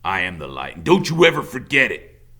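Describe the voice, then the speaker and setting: A man's voice: wildly swooping pitch, a little fast, vocal fry, heavily acted. A man doing a menacing convict father. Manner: low drawl rising to loud barking threats. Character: menacing male convict father, cold and volatile.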